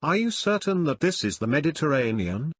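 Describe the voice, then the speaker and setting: A man's voice: on the high side, very animated, fairly quick, no echo, clean studio sound, voice pushed up. Man reading as a stiff, formal count. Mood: composed. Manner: formal, courteous, reserved. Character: stiff, composed aristocratic male count.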